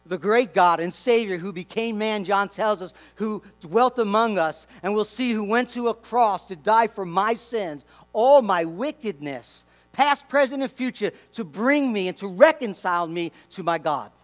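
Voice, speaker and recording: A man preaching a sermon as pastor, telling stories with lively acted-out dialogue and dropping to a hushed tone for emphasis. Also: high-pitched, moderate pace, few pauses. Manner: animated storytelling, acts out dialogue.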